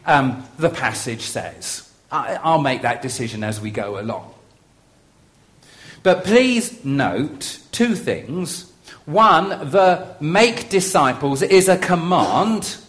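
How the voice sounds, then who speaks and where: Slow, lively male pastor preaching. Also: on the high side. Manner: measured, emphatic preaching with deliberate pauses. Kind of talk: sermon.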